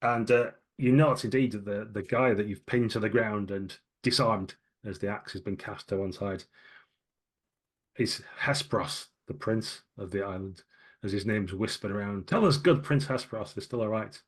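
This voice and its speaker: Brief: male game master, lowish voice, animated scene narration. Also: normal speed.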